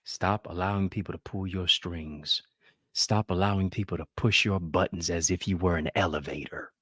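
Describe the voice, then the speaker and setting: A man's voice: deep voice, steady tone, normal speed, fairly bright tone, slightly rough, no room sound, clean studio sound. A man giving a preaching-style motivational talk, full of rhetorical questions and call-and-response, slipping into playful voices of other people. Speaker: motivational speaker.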